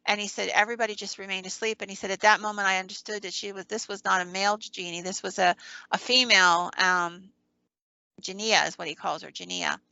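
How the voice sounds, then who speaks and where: Woman, podcast host, casual storytelling, fry in the voice, muffled dry recording. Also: mid-range voice, steady tone, brisk, bright, forceful tone, dry recording. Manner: retells a story with quoted dialogue, frequent ums and restarts.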